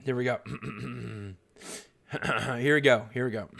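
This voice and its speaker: A man hosting a live stream, joking with his chat in a self-mocking way and softly coaxing his dog. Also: medium pitch, creaky. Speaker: livestream host.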